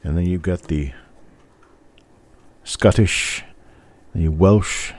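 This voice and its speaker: An older man with a general American accent hosts a live coin roll hunt stream, chatting with viewers in a rambling, easygoing way and chuckling often. His voice sits low and is a little mellow, and he speaks extremely slowly. There's no echo.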